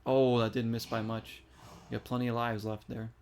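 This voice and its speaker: A man's voice: medium pitch, little pitch movement, normal speed, darkish tone, a little hiss or hum. A man giving casual, chatty commentary while playing a video game and reacting aloud to each shot. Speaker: gaming streamer.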